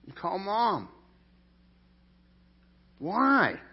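A middle-aged man preaching a sermon in an animated, jokey way, with sudden loud peaks. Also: high voice, drawn-out words, slightly rough. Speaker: pastor. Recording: dull lo-fi sound.

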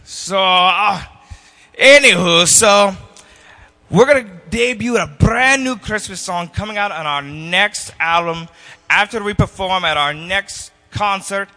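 A man's voice: high-pitched, slow pace, pushed and bright, heavily acted. A man voicing a goofy, self-important Scottish rapper who rambles and laughs at his own jokes, with a Scottish accent. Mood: boastful. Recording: long hall reverb.

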